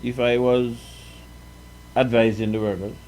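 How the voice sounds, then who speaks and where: A man's voice: medium pitch, flat delivery, a little slow, darkish tone, slight background noise, rough recording. A man giving his opinion on a talk show, hesitant and rephrasing with frequent ums. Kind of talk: casual talk show discussion.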